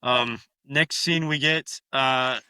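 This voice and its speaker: A man's voice: mid-range voice, takes it slowly, smooth, dry recording. A man co-hosting a podcast, retelling a horror film scene by scene in casual, profane chat. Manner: profane, animated retelling with acted-out quotes. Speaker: podcast co-host.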